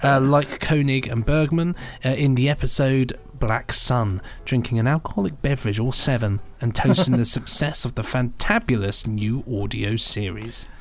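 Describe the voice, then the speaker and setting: A man co-hosting a podcast, chatting casually and reading out listener emails in a relaxed, teasing way. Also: mid-range voice, moderate pace, hardly any pauses. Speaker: podcast co-host.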